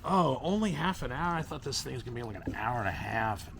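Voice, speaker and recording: Goofy young man vlogging plants, rambling, swooping pitch, camera mic. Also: sing-song, fast, creaky, a bit bright, a little hiss or hum. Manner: rambling, goofy, talks to himself and viewers. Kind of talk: casual vlog while repotting plants.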